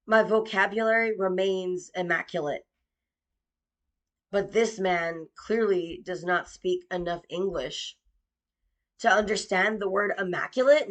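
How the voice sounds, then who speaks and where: A woman's voice: medium pitch, fairly even intonation, normal speed, fairly bright tone. A young woman telling a personal story in a sarcastic, mocking tone, with frequent swearing.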